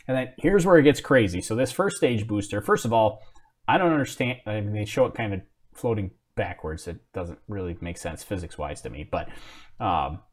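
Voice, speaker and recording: A man hosting a live commentary stream, talking casually, thinking aloud and answering viewer comments with self-mocking apologies. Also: on the low side. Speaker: livestream host.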